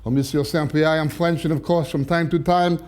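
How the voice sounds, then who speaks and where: A man's voice: on the low side, completely flat delivery, fast, dark tone, pitched below the performer's own voice, close to an everyday voice. A man voicing an aging French statesman who sheepishly admits his failings in a joke.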